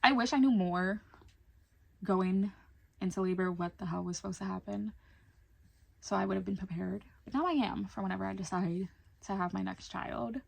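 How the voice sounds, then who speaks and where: A woman's voice: medium pitch, steady tone, moderate pace, creaky, long pauses, a little mellow. A young adult woman telling a personal story in a casual vlog, chatty and candid, swearing now and then. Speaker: vlogger.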